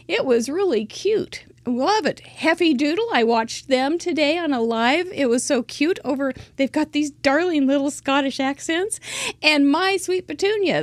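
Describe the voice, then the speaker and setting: Chatty high-voiced woman host. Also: no echo. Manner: chatty, self-deprecating, rambling with restarts and laughs. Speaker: host of a live crafting show. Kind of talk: casual live-stream chat.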